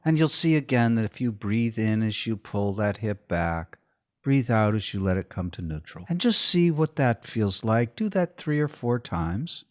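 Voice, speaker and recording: A man giving a slow, calm, step-by-step guided body-awareness lesson as movement instructor. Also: mid-range voice, no room sound, clean studio sound.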